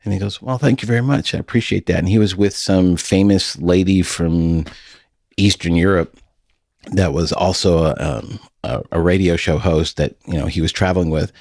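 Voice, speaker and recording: A man's voice: deep voice, fairly even intonation, moderate pace, gravelly, a little mellow, no room sound, clean studio sound. A middle-aged man hosting a podcast, telling stories in a folksy, casual way and laughing often. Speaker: podcast host.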